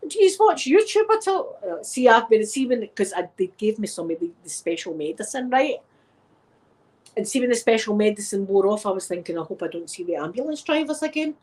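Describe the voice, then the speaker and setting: A middle-aged Scottish woman with a sore throat, chatting casually to her viewers and laughing often as she tells stories. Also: medium pitch. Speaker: YouTube vlogger. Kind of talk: rambling casual chat to viewers.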